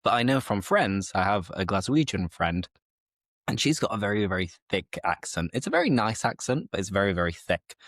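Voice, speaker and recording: A young man hosting a slow, clear conversation for English learners, speaking in a measured, reflective, explanatory way. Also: fairly low pitch, very animated, a bit bright, dry recording, studio quality. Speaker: English teacher, host.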